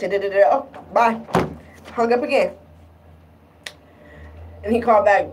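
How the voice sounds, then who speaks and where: A young woman vlogging casually about a breakup, animated and swearing freely as she acts out what was said. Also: on the high side, fairly quick, long pauses, far from the mic, low-quality recording. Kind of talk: casual storytelling vlog.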